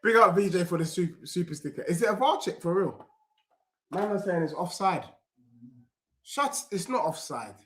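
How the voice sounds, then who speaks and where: A young man streaming a live football watchalong, reacting loudly and reading chat messages aloud. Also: high voice, normal speed, long pauses. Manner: excitable, loud, reads chat messages aloud.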